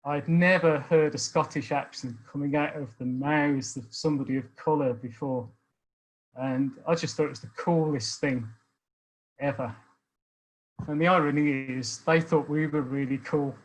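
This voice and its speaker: A man in his sixties from Birmingham with a Birmingham accent, talking about his life in a thoughtful, hesitant way with many pauses and restarts. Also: on the high side, steady tone, poor audio. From Birmingham, England. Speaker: speaker sharing life experience. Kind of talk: reflective personal talk.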